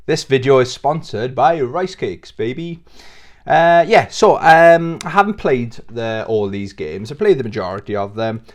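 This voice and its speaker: A British man hosting a casual video channel, rambling and joking at his own expense into a plugged-in microphone. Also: lowish voice. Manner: rambling, jokey, self-mocking. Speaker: YouTube host. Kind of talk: casual vlog chat.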